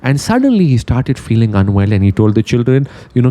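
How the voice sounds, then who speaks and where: Man, motivational speaker, storytelling talk, warm mellow voice, animated. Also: medium pitch, quick pace, few pauses. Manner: animated storyteller, acts out quotes.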